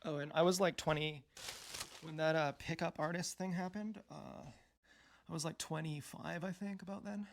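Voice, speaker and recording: A man's voice: fairly high pitch, steady tone, moderate pace, creaky, a little hiss or hum. A man vlogging in a meandering, stream-of-consciousness monologue, full of fillers and casual swearing. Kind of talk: rambling personal monologue.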